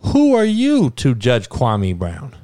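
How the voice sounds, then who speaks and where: A man's voice: mid-range voice, wildly swooping pitch, slow pace, dark tone, no echo, studio quality. Profane ranting male podcast host. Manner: profane, heated, emphatic. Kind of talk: solo ranting commentary.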